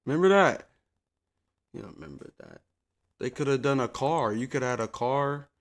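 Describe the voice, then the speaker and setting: A male streamer talking casually to his chat while playing, loose and rambling with plenty of cursing. His voice is mid-pitched and offhand. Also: moderate pace. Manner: profane, rambling, laid-back.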